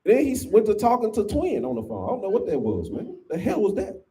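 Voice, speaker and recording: A man preaches scripture in a fiery, emphatic style. His voice sits high and swings up and down with lively energy. He keeps tossing in "man" as he drives each point home. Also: fast. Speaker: Sabbath class teacher.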